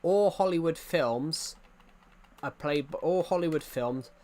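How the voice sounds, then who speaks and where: A young man with an English accent, a bit higher-voiced than most men, chats loosely to his viewers while he plays. He repeats himself and restarts his sentences as he rambles from point to point. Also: measured pace, mellow. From England. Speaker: gaming streamer. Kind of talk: casual chat while gaming.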